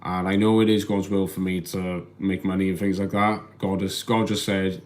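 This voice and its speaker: A man's voice: low voice, little pitch movement, normal speed, darkish tone. A man hosting a casual live stream into his phone at home, rambling and hesitant, often repeating words as he reads the chat. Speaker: livestream host reading chat.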